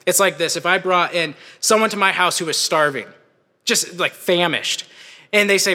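Young male campus preacher, high, bright, animated sermon, hall reverb. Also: moderate pace. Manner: animated, conversational, shouts at peaks.

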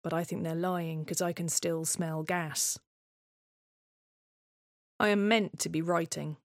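A woman's voice: on the low side, fairly even intonation, takes it slowly, dry recording, clean studio sound. A woman performing a scripted dramatic monologue in a tense, wary, obsessive way. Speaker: playwright and solo performer.

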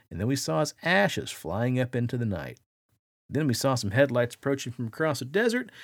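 A man hosting a podcast, spinning a dramatic first-person yarn with a gravelly, creaky edge and a voice that swoops up and down. He sounds close and dry on the mic, with no room around him. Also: mid-range voice, dry recording. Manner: animated, acts out quoted voices. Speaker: podcast host.

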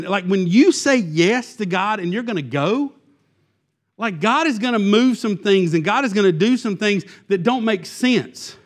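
High-voiced casual young preacher. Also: male voice. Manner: casual, conversational preaching with many fillers. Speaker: pastor. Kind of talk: sermon.

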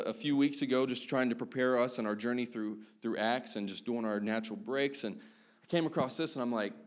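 Man, pastor, casual sermon, keeps asking "right?", mid-pitched voice. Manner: conversational preaching with frequent "right?" asides.

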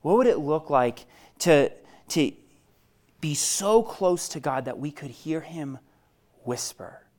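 Preaching slowly and expressively, a man with a fairly high voice leads a sermon as pastor. He keeps a conversational tone toward his listeners while moving from loud emphasis to hushed, whisper-like passages.

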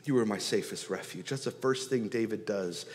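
A man preaching a sermon, rising loud on key phrases and dropping soft and slow to draw them out. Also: on the low side, a little hiss or hum. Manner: swells and drops in loudness for emphasis, slows on key words. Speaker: pastor. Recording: long hall reverb.

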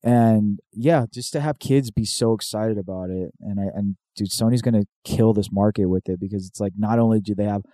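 A man's voice: fairly low pitch, fairly quick, few pauses, mellow, dry recording, clean studio sound. A man chatting casually and swearing freely, rambling as he retells comedy sketches. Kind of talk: casual chat.

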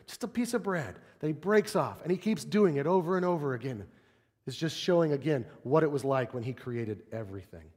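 Man, fairly high voice, preaching, animated storyteller, long hall reverb. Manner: animated storytelling, acts out quotes. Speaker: pastor. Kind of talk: sermon.

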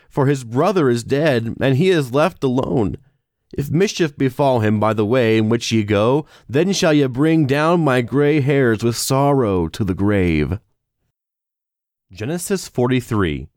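A man reads scripture aloud in a steady, measured voice of middle pitch. The recording is dry and close, with no room sound around him. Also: dry recording. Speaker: scripture reader. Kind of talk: scripted Bible reading.

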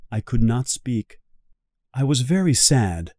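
Man, storybook narration for learners, slow, clear, lively pitch, dry close recording. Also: no echo. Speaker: reader of a guided English reading.

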